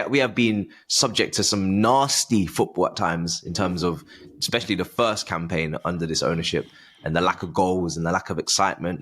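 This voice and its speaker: A man hosting a casual football fan podcast, talking in a lively, chatty way and often asking "do you know what I mean". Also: low voice. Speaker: podcast host. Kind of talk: casual chat.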